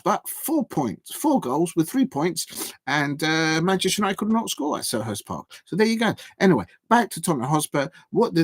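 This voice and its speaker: A man hosting a live football watch-along from home, chatting in a rambling, hesitant way with lots of fillers and restarts and giving shout-outs to viewers. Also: a little high, no room sound. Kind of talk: casual live match commentary.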